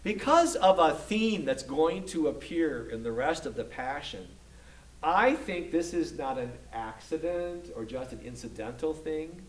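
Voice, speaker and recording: A man lectures on scripture in a slow, halting way, restarting his thoughts and pausing to ask "okay?". His voice sits a little high for a man. He is recorded from a distance in an echoey room. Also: animated. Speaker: Bible study instructor.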